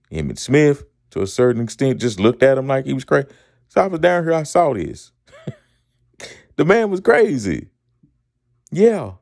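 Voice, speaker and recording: A man's voice: mid-range voice, creaky, a little mellow, dry recording, studio quality. A middle-aged man, co-hosting a casual sports talk show, asking rhetorical questions and repeating himself. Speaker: podcast co-host.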